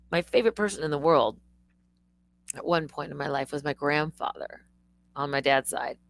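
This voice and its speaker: A middle-aged woman hosting a live stream, telling stories in a rambling, animated way with swearing and restarts. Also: sits low, no room sound. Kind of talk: casual live-stream monologue.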